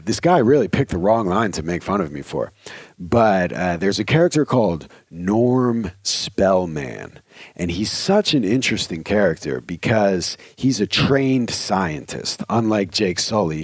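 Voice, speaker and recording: Male podcast host, earnest and chatty, keeps restarting his sentences; low voice, dry close sound. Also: dry recording. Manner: earnest, conversational, with frequent restarts. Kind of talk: reflective spoken commentary.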